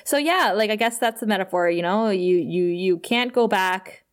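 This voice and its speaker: A woman co-hosting a casual podcast, often laughing and slipping into quick impressions while she retells scenes. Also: medium pitch. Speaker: podcast co-host. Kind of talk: casual chat recapping a TV episode.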